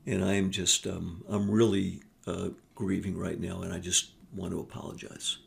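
A man doing a heartbroken young father who talks low and hushed, with a deep, gravelly rasp. The voice stays soft and subdued throughout, weighed down by grief. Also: flat delivery, normal speed, slight background noise. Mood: grieving. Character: grieving young father, quiet and broken.

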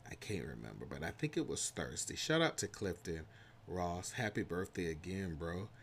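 A man with a Southern US country accent reading a history passage aloud and then chatting casually about his weekend, lively and slangy. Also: deep voice, moderate pace, creaky, slight background noise. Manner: animated, drawls and trails off, slangy asides. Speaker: vlogger. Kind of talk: casual vlog talk with a read-aloud segment.

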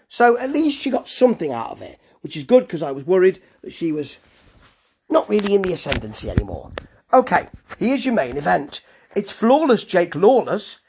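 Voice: medium pitch, husky. A reviewer casually running through a wrestling show, dropping dry, sardonic asides.

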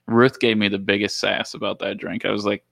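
A man's voice: on the low side, level tone, fairly quick, gravelly, fairly bright tone, no echo. A man running a bar, chatting casually and joking, laughing often. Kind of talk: casual podcast chat.

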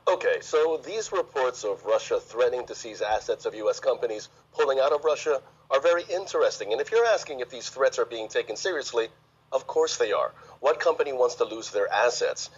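A man's voice: medium pitch, expressive, fairly quick, husky, highs cut off. A man reporting as a financial correspondent on a live news link, speaking in a confident, emphatic way.

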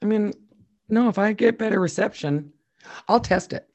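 A man, a former radio host now co-hosting a podcast, chatting casually and jokingly, with sudden loud laughing outbursts. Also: sits high, moderate pace. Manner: jokey, breaks into loud laughing exclamations. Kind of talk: casual chat.

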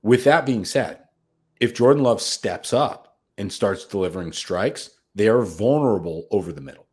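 A man's voice: on the low side, animated, normal speed, darkish tone, breathy edge. A man co-hosting a sports betting podcast, talking in a brash, profane, hyped-up way. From United States. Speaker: podcast co-host. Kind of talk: casual sports betting chat.

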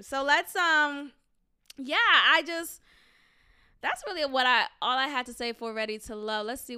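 A woman hosting a solo commentary podcast, talking in an animated, sassy way with mocking rhetorical questions and frequent laughter. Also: sits high, smooth. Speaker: podcast host.

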